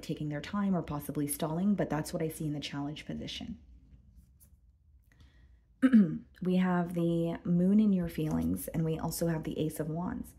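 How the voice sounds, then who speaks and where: A woman giving a casual tarot reading to her viewers, chatty and full of fillers, a bit hoarse and clearing her throat. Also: deep voice, mellow. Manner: chatty, addresses viewers as guys, many fillers. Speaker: tarot reader.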